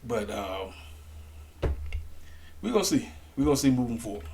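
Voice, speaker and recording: Animated slangy man reviewing wrestling. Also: medium pitch, normal speed, a little hiss or hum. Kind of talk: casual opinionated commentary to camera.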